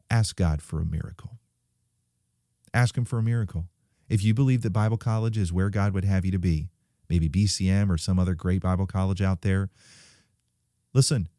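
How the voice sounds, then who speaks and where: A man preaching to young people, urging them with stories and sudden quiet drops, recorded close and dry. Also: low voice, no room sound.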